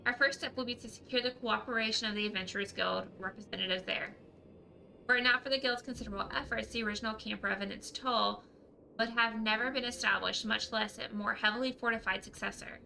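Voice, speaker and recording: A woman reading out the lines of an earnest young male scholar from a game in a measured, formal way. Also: a little high, fairly even intonation, gravelly, sharp tone, slight background noise, rough recording. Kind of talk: reading game dialogue aloud.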